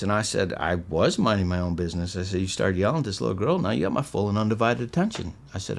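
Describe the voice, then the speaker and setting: A middle-aged man from Michigan, a podcast guest telling a story in a casual, animated way and acting out the quotes. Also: on the low side, quick pace, creaky, few pauses. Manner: animated storyteller, acts out quotes with swings in loudness.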